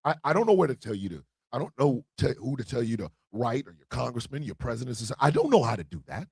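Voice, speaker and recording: Fiery, gravelly-voiced man ranting. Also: mid-range voice, big pitch swings, fast, darkish tone, no echo, studio quality. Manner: fiery, emphatic, preaching. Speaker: internet radio co-owner and host. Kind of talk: impassioned livestream monologue.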